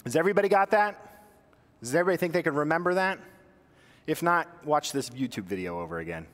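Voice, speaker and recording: A man's voice: animated, in a large hall. A man teaching a sermon on prayer practices, asking the congregation questions and answering them himself. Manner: guides slow breathing prayer, drops soft and low on the repeated phrase. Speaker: pastor.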